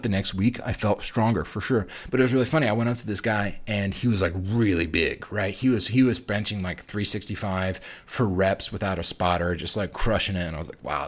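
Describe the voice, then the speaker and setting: A man hosting a casual fitness vlog. He gives strength-training advice in a chatty, animated way, full of fillers and restarts. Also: lowish voice. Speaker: fitness channel host.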